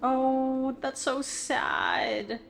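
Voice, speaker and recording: A woman's voice: high-pitched, wildly swooping pitch, drawn-out words, creaky, a bit bright. A woman casually reacting to a TV episode, chatty and emotional, with lots of filler words. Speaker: TV show reaction host.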